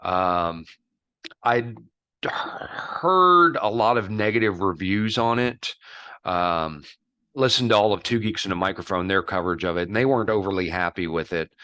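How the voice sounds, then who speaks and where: Deep-voiced rambling male podcast host. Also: lively intonation, pushed and bright, no room sound. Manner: rambling, halting, laughs a lot. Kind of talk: casual chat.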